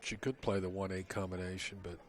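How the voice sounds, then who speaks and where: Low-voiced man calling a pool match. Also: a little fast, slight background noise. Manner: low, calm commentary voice. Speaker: pool commentator. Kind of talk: play-by-play commentary. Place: casino event hall.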